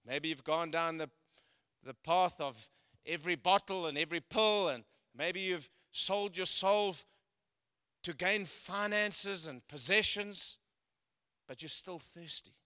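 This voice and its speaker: Bright, high-voiced male preacher. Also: unhurried, clean tone, no room sound. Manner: storytelling, building to loud emphatic peaks then dropping quiet. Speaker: guest preacher. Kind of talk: sermon.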